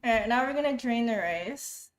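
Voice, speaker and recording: A woman's voice: fairly high pitch, lively intonation, moderate pace. A young woman filming a casual cooking vlog at home, chatty and a bit flustered, giggling and talking herself through each step. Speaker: YouTuber cooking for viewers. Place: home kitchen. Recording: roomy kitchen echo, faint noise.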